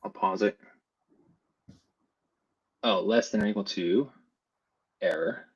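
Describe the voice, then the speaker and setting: A man's voice: lowish voice, slow, dull audio, a little hiss or hum. A man teaching a casual screen-share tutorial, thinking aloud as he builds. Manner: thinks aloud while building, talks to himself. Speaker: FlutterFlow trainer.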